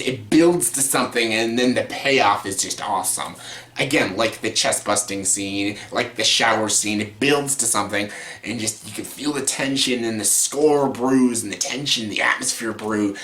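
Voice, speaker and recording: A man's voice: mid-range voice, a bit bright. Enthusiastic rambling man, echoey room. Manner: enthusiastic, rambling, many fillers and restarts. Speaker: movie reviewer. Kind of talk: casual vlog talk.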